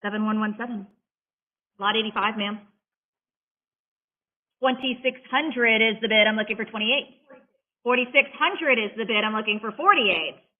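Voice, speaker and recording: Rapid-fire woman auctioneer, tinny sound. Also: on the high side. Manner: rapid rhythmic bid calling with brief chatty asides. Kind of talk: live auction calling. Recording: tinny phone-like stream audio.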